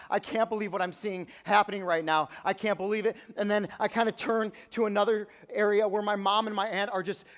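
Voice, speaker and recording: Young man, youth pastor, earnest sermon, high voice, long hall reverb. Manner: earnest, moves between hushed and emphatic. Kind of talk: personal story sermon. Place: church auditorium.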